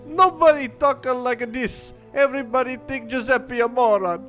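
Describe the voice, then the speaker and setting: A man's voice: very high-pitched, normal speed, fairly bright tone, faint music behind. A man voicing a townsman who puts on a broad, overdone Italian accent and broken English in an amateur fan dub. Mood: indignant. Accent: put-on Italian. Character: male townsman faking a broad Italian pizzeria owner.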